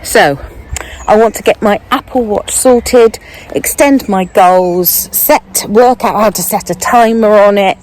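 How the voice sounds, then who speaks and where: Older lady vlogging on her phone while she walks, slow easy chat, bit out of breath, faint traffic behind. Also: medium pitch, darkish tone, rough recording. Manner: chatty, unhurried, thinking aloud. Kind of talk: casual walking vlog. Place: outdoors, walking.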